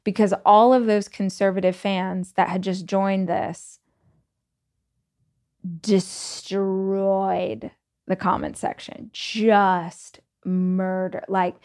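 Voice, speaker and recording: A woman's voice: mid-range voice, takes it slowly. A woman podcast host from the American South with a Southern accent, telling a personal story in a chatty, casual way full of "like"s. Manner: chatty, animated, many "like"s and laughs.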